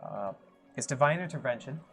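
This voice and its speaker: A man's voice: medium pitch, animated, fairly quick, fairly bright tone. A man playing a tabletop game, explaining his character's move hesitantly, with many ums. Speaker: player. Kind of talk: casual tabletop game talk.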